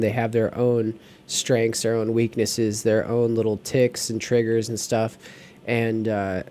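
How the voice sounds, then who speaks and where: A man's voice: medium pitch, darkish tone. A man co-hosting a casual podcast chat, rambling with lots of fillers and restarts. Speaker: podcast co-host.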